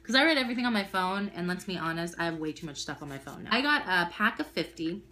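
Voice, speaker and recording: A woman's voice: lowish voice, animated, fast talker, bright, forceful tone. A young woman chats to her camera at home in a casual unboxing vlog. She is bubbly and gushing, full of exclamations as she shows things off. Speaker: vlogger.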